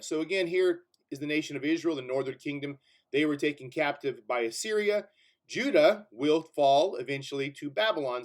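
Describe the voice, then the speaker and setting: A man preaching, teaching a Bible class in a conversational way with fillers like "if you will", and pushing his voice up to stress key points. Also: on the high side.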